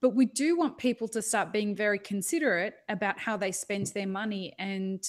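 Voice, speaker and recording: A woman with an Australian accent hosting a podcast interview, chatty and quick to joke. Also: medium pitch. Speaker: podcast host. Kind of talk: casual interview chat.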